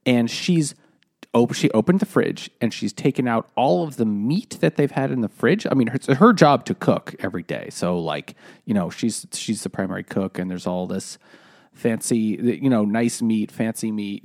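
A man in a casual book chat, retelling the plot with lively pitch jumps when he quotes characters. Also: normal speed. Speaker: podcast co-host.

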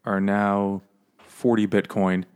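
A man's voice: fairly low pitch, flat delivery, slow, a little mellow, clear, resonant tone. A man co-hosting a casual book podcast, loose and profane, laughing often and acting out characters. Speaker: podcast co-host discussing a book. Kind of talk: casual chat.

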